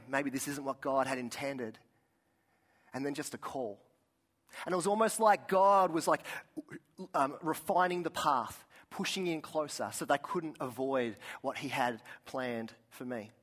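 A man's voice: fairly high pitch, a bit bright. Earnest man preaching a conversational sermon. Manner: conversational, earnest, with frequent restarts. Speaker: pastor.

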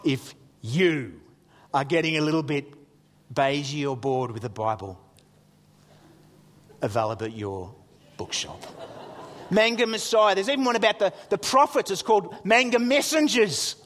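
A middle-aged man, preaching a sermon as a pastor with lively storytelling and jokey asides. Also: a little high, moderate pace, in a large hall.

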